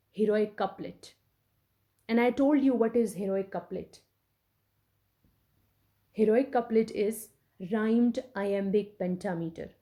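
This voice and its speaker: Woman teacher explaining a poem, slow and repetitive, soft mellow voice, keeps asking all right. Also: medium pitch. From Pakistan. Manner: slow, repetitive explaining with many check-ins. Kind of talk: recorded English literature lecture.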